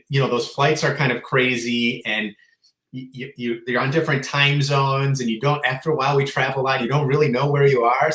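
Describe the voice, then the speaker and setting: A man co-hosting a live spiritual Q&A, telling stories with enthusiasm and sometimes dropping to a soft voice. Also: medium pitch, roomy sound. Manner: enthusiastic storyteller, soft-spoken at times. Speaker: co-host. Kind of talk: live Q&A chat.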